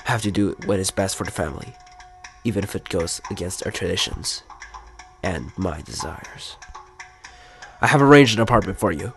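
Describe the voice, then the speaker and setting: A man's voice: low voice, moderate pace, long pauses, over music, voice pushed down. A man reading game dialogue aloud in a put-on British accent, voicing a stern, scheming older crime-family uncle in a stiff, formal way.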